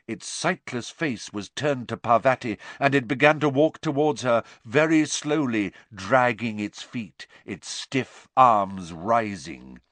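A man narrating a story in a dramatic, expressive reading style. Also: mid-range voice, takes it slowly, few pauses, no room sound. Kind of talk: audiobook narration.

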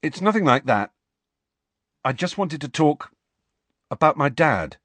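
A man's voice: fairly high pitch, big pitch swings, unhurried, a bit bright, no room sound, voice pushed up, full character voice. A man voicing an earnest, troubled teenage boy who talks in a raised, heated voice.

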